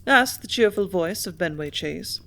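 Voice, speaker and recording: A woman's voice: fairly low pitch, lively intonation, normal speed, fairly bright tone. Woman reading an audiobook. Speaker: audiobook reader. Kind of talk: audiobook narration.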